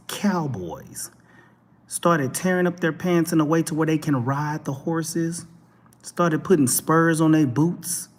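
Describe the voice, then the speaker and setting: A man with a Texan accent giving casual, animated commentary as a talk show host, speaking straight to his viewers. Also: fairly high pitch. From Texas. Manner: animated, preachy, addresses viewers directly.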